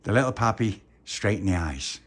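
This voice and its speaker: A man's voice: lowish voice, animated, normal speed, slight background noise. A man telling an improvised children's story in a playful way, with many restarts.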